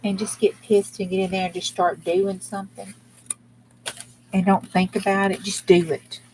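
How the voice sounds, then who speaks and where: Speaking at a moderate pace in a mid-range, slightly mellow voice with little pitch movement, a woman chats casually as she crafts on her channel's livestream. Her manner is folksy and blunt, with mild cursing while she works. A little hiss or hum is audible.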